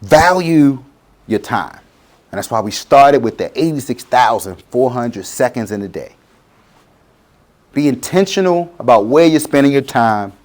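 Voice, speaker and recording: Man, middle-aged, motivational speaker, lively pitch, acts out quotes. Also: unhurried. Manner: animated, acts out quotes in changing voices. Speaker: guest speaker. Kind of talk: motivational talk to students.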